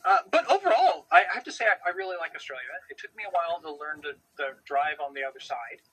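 A man's voice: a little high, animated, fast talker, a bit bright, husky, rough recording. A man from the United States co-hosting a podcast from Australia, rambling enthusiastically with many fillers. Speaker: podcast co-host. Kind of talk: casual chat. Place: home in Australia.

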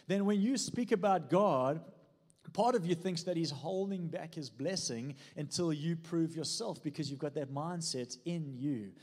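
A man preaching a sermon in a church, his voice pitched a little high. His talk swings from earnest prayer to joking asides and prompts for the congregation, and the church hall adds a long ringing reverb. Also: measured pace, darkish tone. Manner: fervent preaching with jokes and audience prompts. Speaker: pastor.

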